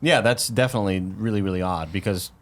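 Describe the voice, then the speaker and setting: A man co-hosting a podcast, asking questions in relaxed casual chat. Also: fairly low pitch, quick pace, slight background noise. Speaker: podcast co-host.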